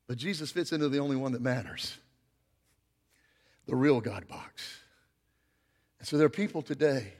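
A male pastor preaching a sermon, swinging between loud, emphatic passages and quiet, slow emphasis. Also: on the high side, long reverb tail.

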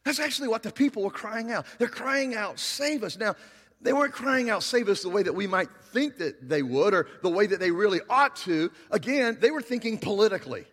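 A male pastor with a high-pitched, animated voice preaches a sermon, alternating between loud, emphatic stretches and quiet, slow emphasis, with a big-room sound.

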